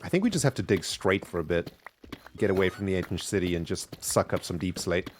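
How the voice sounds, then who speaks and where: Streaming a video game, a man offers upbeat, casual commentary and thanks his viewers as he plays. His voice sits low, brisk, and expressive, with slight background noise.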